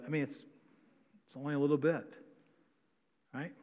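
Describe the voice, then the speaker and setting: A man's voice: a little high, fairly even intonation, quick pace, pauses often. A male pastor preaching a sermon, reading scripture aloud and then explaining it with frequent "right?" tags. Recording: dull sound with long hall reverb.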